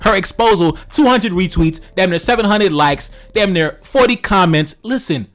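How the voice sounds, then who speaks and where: A young man hosting a commentary channel reacts casually to social media posts in a blunt, heated way, swearing often and calling listeners "man" and "brother." His voice is high, animated and a bit bright, at a moderate pace, with faint music behind him.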